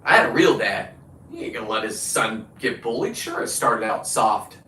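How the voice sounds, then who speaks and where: A man's voice: on the low side, animated, normal speed, sharp tone, slight background noise. A man hosting his own show, delivering a combative, boastful, profane rant. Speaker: show host. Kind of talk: profane ranting monologue. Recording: roomy, distant from the mic.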